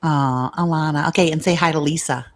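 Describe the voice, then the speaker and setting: A woman's voice: low-pitched, fairly even intonation, brisk. A middle-aged woman vlogging from her home, chatting to viewers with rambling, confiding asides and stories. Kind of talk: chatty live vlog talking to viewers.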